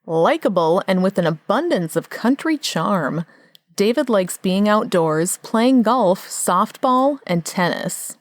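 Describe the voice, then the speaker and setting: A woman's voice: mid-range voice, animated, takes it slowly, no echo. A young woman co-hosting a podcast in casual chat, sarcastic and swearing freely. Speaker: podcast co-host.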